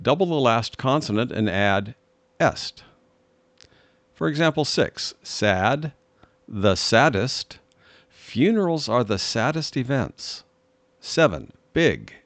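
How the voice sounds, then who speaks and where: Guy teacher reading grammar rules slow, lots of ups and downs in his voice. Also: medium pitch, animated, no echo. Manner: reads grammar rules and examples in careful, measured steps. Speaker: English teacher. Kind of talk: slow, deliberate language lesson reading.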